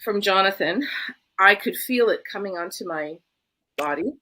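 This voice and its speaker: A woman's voice: mid-range voice, animated, normal speed, pushed and bright. A woman being interviewed, chatting eagerly and often checking in with "right?" as she talks. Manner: enthusiastic, repeats herself, says "right?" often. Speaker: interview guest. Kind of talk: casual chat.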